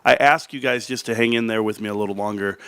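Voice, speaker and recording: Low-voiced man hosting a casual market stream. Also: steady tone, fast, a bit bright, clean tone, no room sound. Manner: upbeat, rambling, with frequent fillers and restarts. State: voice still recovering from strain. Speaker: stock market channel host. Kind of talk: casual livestream talk.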